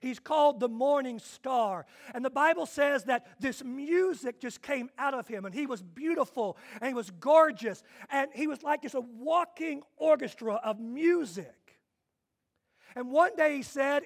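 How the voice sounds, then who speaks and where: High-voiced man preaching a lively sermon. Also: normal speed. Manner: animated, shifts between soft asides and loud emphatic declarations. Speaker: pastor.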